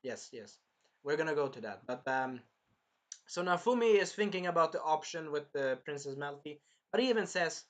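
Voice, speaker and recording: A man's voice: a little high, animated, moderate pace. A man casually chatting through an anime episode review, rambling and swearing now and then as he retells scenes.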